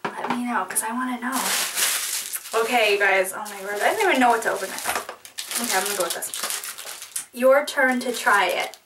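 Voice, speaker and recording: A woman beauty vlogger in casual chat, opening a package, giggly, excitable and apologetic. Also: on the high side, a little fast, long pauses, recorded from a distance, background noise.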